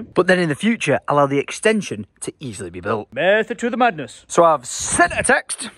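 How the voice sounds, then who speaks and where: Bouncy chatty guy vlogging his day, kinda husky, high-ish voice that swings up and down a lot. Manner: chatty, animated, jokey. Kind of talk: casual vlog narration.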